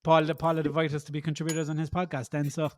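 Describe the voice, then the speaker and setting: A man's voice: on the high side, monotone, fast talker. A man with an Irish accent, co-hosting a casual podcast chat and telling a story with laughs and restarts. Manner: storytelling, laughs while telling, repeats words. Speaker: podcast co-host.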